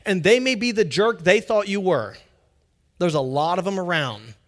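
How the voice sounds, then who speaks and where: A man preaching a sermon as pastor, conversational and animated, acting out little quotes. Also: high-pitched, normal speed.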